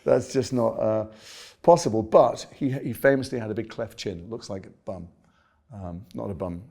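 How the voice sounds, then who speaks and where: A British actor telling stories in an interview, animated and self-mocking. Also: male voice, fairly low pitch, moderate pace, vocal fry. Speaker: actor guest. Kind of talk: conversational interview.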